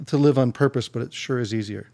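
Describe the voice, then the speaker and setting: A man hosting a casual podcast interview, talking in a relaxed, reflective way. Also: mid-range voice, fast, gravelly. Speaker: podcast host.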